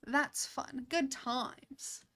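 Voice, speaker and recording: A woman's voice: sits high, extremely slow, sharp tone. A young woman chatting casually as she streams a life-sim game, talking to her characters and laughing often. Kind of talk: casual gameplay commentary.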